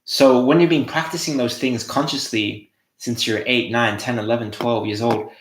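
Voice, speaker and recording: A man's voice: medium pitch, steady tone, normal speed, roomy sound. A young Australian man hosting a casual motivational monologue, swearing freely and restarting his phrases. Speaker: host.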